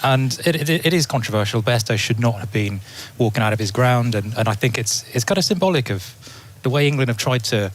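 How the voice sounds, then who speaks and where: A man's voice: mid-range voice, animated, fairly quick, few pauses, slight background noise. A man on a cricket panel giving a wry opinion, often repeating words as he speaks. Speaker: cricket journalist. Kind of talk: casual panel chat.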